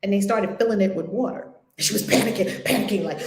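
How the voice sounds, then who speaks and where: Woman, spiritual group leader; animated, emphatic storyteller; mid-pitched, echoey room. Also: quick pace, crowd noise. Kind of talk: conversational spiritual teaching.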